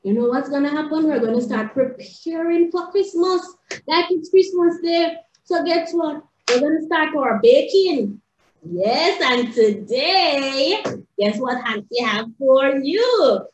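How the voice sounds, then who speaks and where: Sing-song excitable teacher woman, high voice. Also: slow pace, a little hiss or hum. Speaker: early childhood teacher. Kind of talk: animated lesson for young children. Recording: roomy, slightly dull home video.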